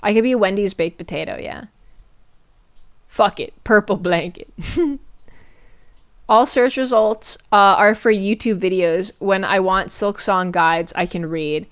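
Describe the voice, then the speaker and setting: A woman's voice: mid-range voice, measured pace, pauses often, clean tone. A young adult woman streamer chatting casually to her viewers, swearing and using slang, often laughing.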